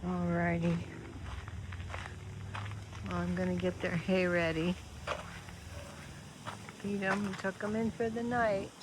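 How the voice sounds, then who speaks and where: A woman talks slowly and softly with a slightly low voice, narrating her farm chores in a relaxed vlog. She coos gentle praise at her horses between explanations. Wind noise is clearly heard over the outdoor recording. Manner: soft, cooing talk to the horses. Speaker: farm vlogger.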